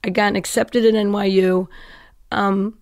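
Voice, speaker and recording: Woman comic guest spilling her story, animated, kinda self-mocking, dry studio sound. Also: mid-range voice, a little slow, no echo. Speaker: comedian guest. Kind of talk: candid storytelling interview.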